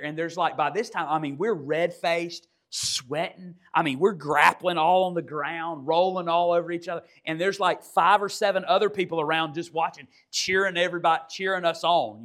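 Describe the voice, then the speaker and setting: Man, conversational preacher, slightly high voice, story-driven sermon, hushed asides and loud bursts. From South Georgia, USA. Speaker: pastor.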